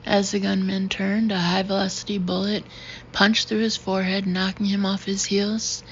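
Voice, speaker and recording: Gravelly woman narrating an audiobook. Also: mid-range voice, level tone, normal speed. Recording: dull, slightly noisy recording.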